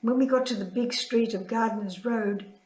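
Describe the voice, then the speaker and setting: An older woman, a religious sister, sharing a heartfelt, tender spiritual reflection in a quietly grieving manner. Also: a little high, moderate pace, slight background noise. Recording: roomy echo.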